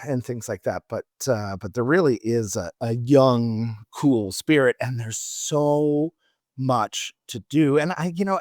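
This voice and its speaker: A man's voice: mid-range voice, no echo, clean studio sound. A middle-aged man on a travel podcast, telling rambling anecdotes in casual chat with many restarts.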